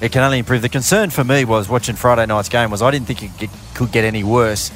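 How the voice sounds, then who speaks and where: A man's voice: mid-range voice, quick pace, a bit bright. An Australian male commentator with a mid-range voice, firm and emphatic, hammering his point with repetition. It is casual radio talk with faint music in the background. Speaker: sports commentator. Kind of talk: casual sports radio banter. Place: radio studio.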